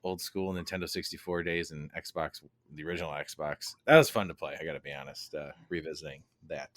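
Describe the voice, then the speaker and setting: Man, podcast co-host, very deep voice, dry close sound, rambling, relaxed. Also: fairly quick, dry recording. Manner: rambling, relaxed, laughs easily. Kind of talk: casual chat.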